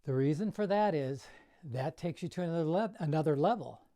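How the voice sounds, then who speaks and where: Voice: medium pitch, lively intonation, brisk, warm tone. An older juggling coach giving a casual tutorial in a bedroom, counting throws aloud as he demonstrates and coaching in plain, encouraging words.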